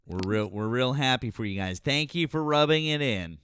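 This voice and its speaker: A man's voice: medium pitch, lively intonation, normal speed, a crowd in the background. A man hosting a casual call-in live stream, jokey, profane and self-mocking. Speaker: host.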